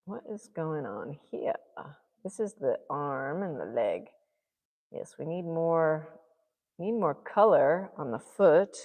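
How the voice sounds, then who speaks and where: A woman's voice: sits low, animated, takes it slowly, long reverb tail, phone-quality sound. A woman vlogger thinking aloud to herself as she paints, musing in murmured asides. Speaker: art vlogger.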